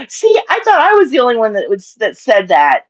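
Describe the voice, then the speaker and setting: A woman's voice: a little high, lo-fi sound. Chatty Southern woman live-streaming. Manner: chatty and rambling, laughs often, Southern phrasing. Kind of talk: casual live-stream chat.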